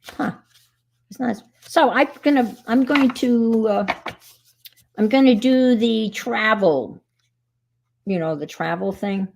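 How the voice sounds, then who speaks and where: A woman's voice: fairly high pitch, slow, gravelly, pauses often, darkish tone, a little hiss or hum. A middle-aged woman hosting a casual crafting stream, rambling cheerfully with self-deprecating asides. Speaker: crafting livestream host. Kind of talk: casual craft demonstration chat.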